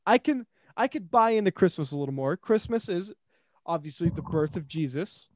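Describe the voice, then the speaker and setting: A man co-hosting a podcast in casual chat, animated and joking, quick to jump in. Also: high-pitched, slight background noise. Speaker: podcast co-host.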